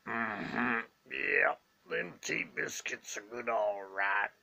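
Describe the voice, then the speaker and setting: A man doing an impression of a slow, gentle Southern man from a movie, grunting mm-hmms in a gravelly voice. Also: mid-range voice, heavily acted. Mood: slow, contented. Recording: dull lo-fi recording.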